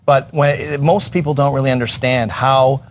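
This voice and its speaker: A man's voice: mid-range voice, fairly even intonation, normal speed, slight background noise. A man giving earnest advice as an interview guest, with small restarts. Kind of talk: interview answer.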